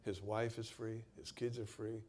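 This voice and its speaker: This preacher's voice is on the low side, and he keeps a moderate pace with a flat delivery. He reads scripture dramatically during his sermon, swinging between loud stretches and hushed emphasis.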